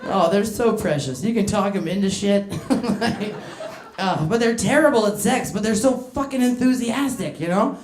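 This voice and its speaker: A woman's voice: medium pitch, animated, moderate pace, darkish tone, roomy sound. A woman doing a stand-up comedy set in a club, brash and crude, working the crowd and laughing between her lines.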